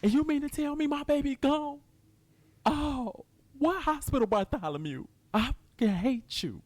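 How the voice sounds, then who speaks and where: A man voicing a brash, hot-tempered middle-aged mother in a storytime skit, in a strained high falsetto full of swearing. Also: animated, brisk, darkish tone, no echo, close to an everyday voice. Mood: furious.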